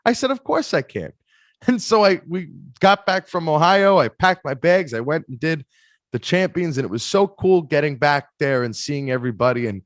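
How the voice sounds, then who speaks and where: A man telling animated stories in a casual interview, acting out other people's voices, with frequent restarts. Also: on the high side, normal speed, dry recording, clean studio sound. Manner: animated storyteller, acts out quoted voices, many restarts. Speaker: interview guest, performer.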